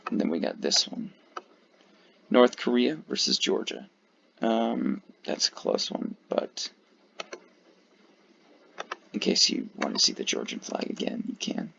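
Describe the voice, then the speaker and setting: Tired male creator, low gravelly voice, swearing offhand commentary, lo-fi mic. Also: very animated, a little slow, pauses often, pushed and bright, a little hiss or hum. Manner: rambling, profane, many fillers. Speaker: video creator ranking flags. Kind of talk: casual commentary. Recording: dull lo-fi mic.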